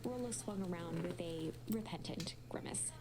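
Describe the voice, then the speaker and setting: A woman giving soft, measured, scripted storybook narration for a game. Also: lowish voice, breathy edge.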